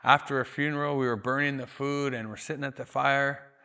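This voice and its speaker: A Canadian man, a storyteller and educator, telling a traditional story in a calm, measured way, slowing down for emphasis. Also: mid-range voice, smooth. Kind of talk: oral storytelling.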